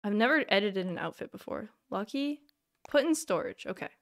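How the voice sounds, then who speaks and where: A woman's voice: medium pitch, lively intonation, a little fast, fairly bright tone. A woman live-streaming a video game, chatting casually with her viewers and reacting with frequent self-deprecating exclamations. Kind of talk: casual live-stream chat while gaming.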